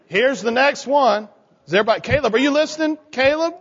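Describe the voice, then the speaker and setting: A man's voice: extremely high pitch, expressive, quick pace, a bit bright, breathy edge. A man leading a children's sermon in a church, coaxing the kids with questions. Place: church sanctuary. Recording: church hall reverb, dull lo-fi sound.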